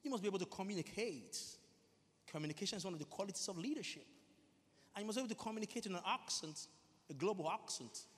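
High-pitched man preaching, reverby hall, goes from hushed prayer to loud stammering bits. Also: lively intonation, fast talker. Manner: mimics stammering, prays in tongues. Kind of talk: sermon.

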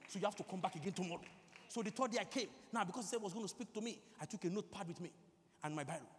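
A preacher with a notably high voice delivers a sermon in a big hall, where a long reverb trails each phrase. He swings between quiet, intimate urging and loud, climbing outbursts, and drops into whispered prayer in tongues. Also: racing. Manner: mimics stammering, prays in tongues.

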